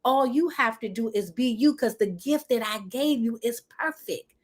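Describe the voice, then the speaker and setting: A hyper, passionate woman gives a motivational livestream talk over a phone or webcam, calling her audience "y'all" constantly. She's bouncy, excitable and expressive, jumping around in pitch while keeping a moderate pace.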